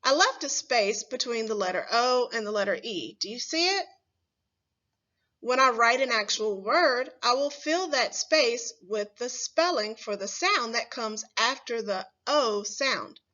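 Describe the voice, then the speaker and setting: A woman teaching a first grade phonics lesson, sounding out words slowly and clearly and asking the children questions. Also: a little high, lively intonation, bright, forceful tone, muffled recording.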